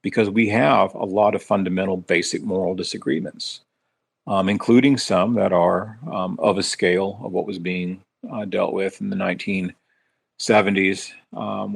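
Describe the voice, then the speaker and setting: Low gravelly man, halting and sardonic. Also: steady tone, no echo. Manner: measured, hesitant, with many ums and sardonic asides. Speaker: podcast co-host and writer. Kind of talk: casual political discussion.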